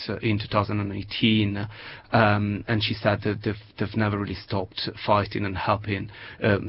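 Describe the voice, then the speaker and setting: Flat, halting male reporter. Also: fairly low pitch, lo-fi sound. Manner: halting, many restarts. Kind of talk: live news report.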